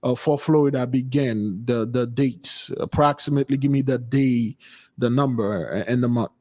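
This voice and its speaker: A man's voice: mid-range voice, darkish tone. Emphatic man teaching in a reverberant hall. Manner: repetitive, emphatic, drawn-out points. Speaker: spiritual teacher. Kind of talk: informal sermon talk.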